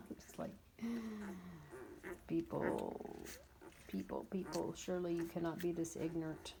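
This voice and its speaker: A woman in her fifties with a low, deep-set voice talks in a loose, chatty way, blunt and a little exasperated. A faint hiss sits under her talk. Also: huge pitch swings, slow pace, creaky, long pauses. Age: 50s. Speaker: dog breeder. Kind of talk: casual vlog chat. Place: dog kennel.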